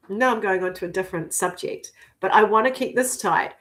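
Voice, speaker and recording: A woman in her fifties talks straight to camera as a spiritual coach. She swears freely and hammers her points home. Between her loud declarations she sinks into hushed, breathy whispers. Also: mid-range voice, a little fast. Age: 50s. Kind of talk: spiritual vlog monologue.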